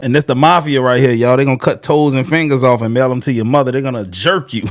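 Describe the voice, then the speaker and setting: A man's voice: mid-range voice, fast talker, soft background music. A man giving casual reaction commentary, slangy and joking with laughing asides.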